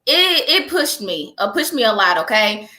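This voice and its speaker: A young woman, a guest, chatting in an interview with an animated storytelling manner. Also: fairly high pitch, moderate pace, echoey room. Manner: animated storyteller, laughs often. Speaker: guest, entrepreneur. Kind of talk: casual interview chat.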